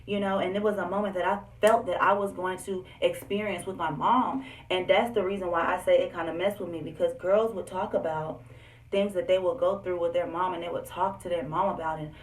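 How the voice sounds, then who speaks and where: A young woman with a slightly low voice talks to her viewers about her own life in a candid, animated way. She sits a little back from the mic, and the room gives her voice a noticeable echo. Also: fairly quick, recorded from a distance. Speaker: vlogger. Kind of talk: personal storytelling vlog.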